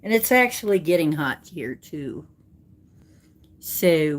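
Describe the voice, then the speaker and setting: A woman's voice: low voice, lively intonation, slow pace, pauses often. A woman chatting on a livestream as a card reader, silly and playful, answering comments and slipping into joke voices. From United States. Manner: silly, playful, jumping between put-on accents and sing-song bits. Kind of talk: casual livestream chat.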